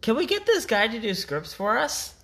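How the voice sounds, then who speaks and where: A woman's voice: fairly high pitch, very animated, normal speed, fairly bright tone. Incredulous joking woman co-host. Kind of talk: casual chat.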